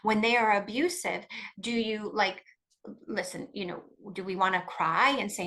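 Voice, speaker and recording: A middle-aged woman appears as a guest expert in an interview, offering coparenting advice emphatically and fast, often restarting her sentences. Her voice is medium-pitched and a bit bright, on a rough recording.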